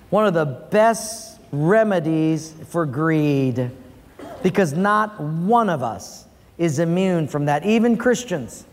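A man's voice: high voice, big-room sound. A man preaching a sermon as pastor, telling stories and acting out voices in a joke. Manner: animated storytelling, acts out voices in a joke.

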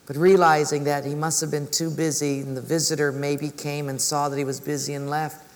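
A male preacher telling a story in a sermon, animated and acting out voices. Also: fairly high pitch, brisk. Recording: reverberant hall.

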